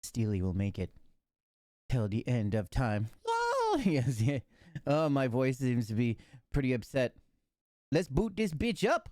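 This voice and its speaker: A male streamer chats aimlessly while getting his game going, his pitch rising and falling freely. He talks at an unhurried pace with a mellow, relaxed tone. The dry, close mic sits over faint game music. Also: no echo. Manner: rambling, talks to himself. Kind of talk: casual live game stream chatter.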